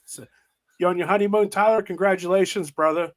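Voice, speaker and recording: A podcast host with a high-pitched, steady voice talks fairly quickly in a casual chat. He's laid-back, wandering through rambling stories and laughing often.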